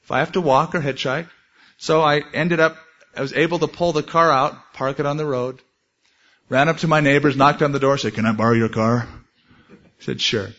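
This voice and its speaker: A man's voice: mid-range voice, steady tone, normal speed, fairly bright tone. A man preaching a sermon in an earnest way, telling a personal story and quoting scripture and prayers. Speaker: pastor. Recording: dull lo-fi sermon recording.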